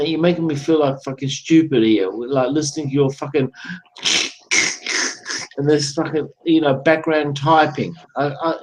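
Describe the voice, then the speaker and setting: In an online voice chat room, a man rants angrily at a rival through a computer microphone, gloating over and over with plenty of profanity. His voice is on the high side and a little mellow, and the recording is muffled.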